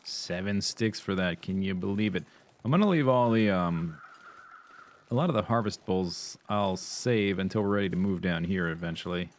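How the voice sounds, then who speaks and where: A man's voice: low-pitched, normal speed. A man streaming a survival game, chatting casually and playfully to himself, sometimes humming nonsense sounds. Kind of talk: casual gameplay commentary.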